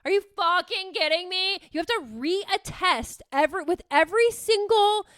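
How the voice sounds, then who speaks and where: A woman therapist hosting a podcast, talking in a candid, profane and animated casual monologue, often mocking herself. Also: very high-pitched, moderate pace, no echo, studio quality.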